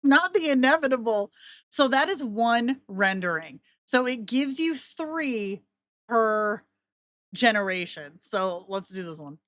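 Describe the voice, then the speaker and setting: A woman walking through a voice software tool in a casual, chatty way, with joking asides to herself. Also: medium pitch, animated, slow, no room sound. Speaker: content creator.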